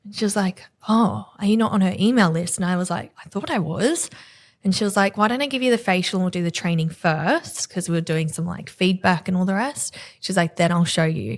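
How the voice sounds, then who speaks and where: A woman's voice: on the low side, fairly quick. Aussie woman on a podcast, candid and emotional, voices the back-and-forth she went through. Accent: Australian. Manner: emotional storytelling, acting out quoted exchanges. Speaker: podcast guest, salon owner.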